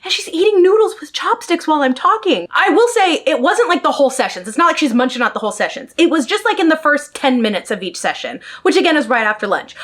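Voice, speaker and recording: A woman telling a personal story to her viewers in a casual, animated way, exasperated and laughing often. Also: high voice, fast talker, few pauses. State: emotionally worked up. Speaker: storytime vlogger.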